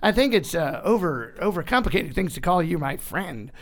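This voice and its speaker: A man doing a brief, hesitant impression of a famous actor, speaking politely and haltingly. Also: sits high, big pitch swings, a little hiss or hum.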